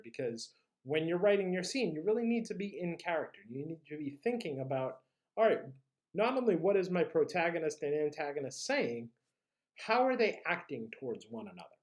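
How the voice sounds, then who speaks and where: A teacher leading a drama class through vocal warm-ups and tongue twisters. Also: mid-range voice.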